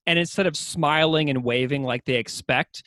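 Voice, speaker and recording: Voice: mid-range voice, normal speed, fairly bright tone, dry recording, clean studio sound. A host in a casual conversation, chatty and leaning on "like" a lot.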